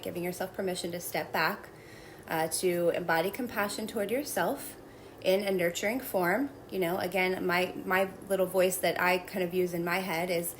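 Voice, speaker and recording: A woman guest calmly explaining a self-help technique in a measured, reflective way. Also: on the low side, slight background noise, poor audio.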